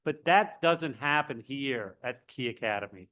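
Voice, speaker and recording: Man, public testimony, earnest, halting, smooth resonant voice. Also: medium pitch, expressive, bright, forceful tone. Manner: earnest, halting, with many restarts, turns emotional. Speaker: public commenter, state legislator.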